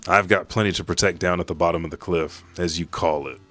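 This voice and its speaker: A man reading the lines of a gruff, blunt old male vice admiral from a manga, in a scolding tone. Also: low-pitched, steady tone, quick pace, a bit bright, faint music behind.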